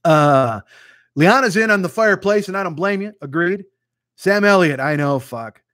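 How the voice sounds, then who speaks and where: A man in his fifties, sitting a touch higher in pitch than most men, rambles through a casual livestream chat with viewers. He swears freely and mocks himself. The sound is dry and close, with almost no room in it. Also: expressive, moderate pace, fairly bright tone, no echo. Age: 50s. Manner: profane, rambling, self-mocking. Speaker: host. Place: home studio with green screen.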